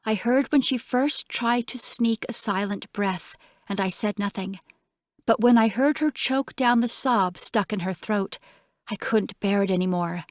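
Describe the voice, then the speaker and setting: A woman narrating an audiobook in first person, with measured, tense storytelling. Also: mid-range voice, no room sound, clean studio sound.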